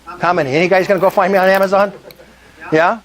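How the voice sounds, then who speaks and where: Speaking quickly in a high-pitched voice with fairly even intonation, an older man gives a lively sales talk to a group at a meetup. He keeps asking his listeners questions throughout.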